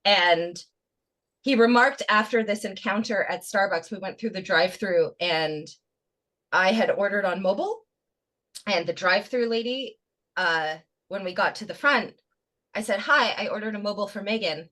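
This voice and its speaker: A woman's voice: mid-range voice, normal speed, fairly bright tone. A young woman, guest-hosting a live podcast. She tells stories and runs a trivia game in a playful, chatty way. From Canada. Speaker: guest host.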